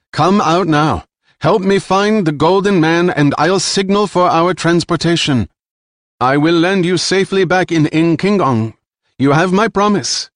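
A man's voice: on the high side, no echo, studio quality, pitched above the performer's own voice, close to an everyday voice. A male narrator voicing a ruthless, commanding female villain who threatens and gives orders. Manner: imperious, threatening.

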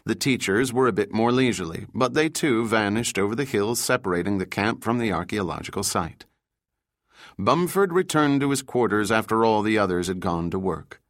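A man reading a thriller audiobook in steady, measured scripted narration. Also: on the low side, no room sound, studio quality.

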